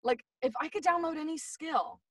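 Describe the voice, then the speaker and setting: A woman's voice: high voice, normal speed, no echo. Bubbly, giggly woman guest. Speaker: voice actress guest. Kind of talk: casual interview chat. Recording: dry, slightly distant mic.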